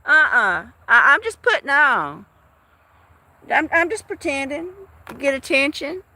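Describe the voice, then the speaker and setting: A woman's voice: high voice, sing-song, measured pace, background noise. A woman in her fifties, chatting casually to viewers of her live stream in a rambling, talkative way. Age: 50s. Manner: rambling, chatty, with frequent restarts and laughs.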